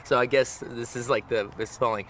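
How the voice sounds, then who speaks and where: A man tells an animated, profane story in an interview, often checking in with "all right?". His voice is bright and forceful at a middle pitch. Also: normal speed, slight background noise. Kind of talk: casual anecdote in interview.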